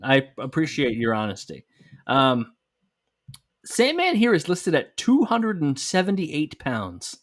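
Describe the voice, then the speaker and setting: A man's voice: fairly high pitch, takes it slowly, no echo. Easygoing man leading a podcast rundown. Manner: relaxed, drives the rundown, dry jokes. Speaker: podcast host. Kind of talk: casual chat.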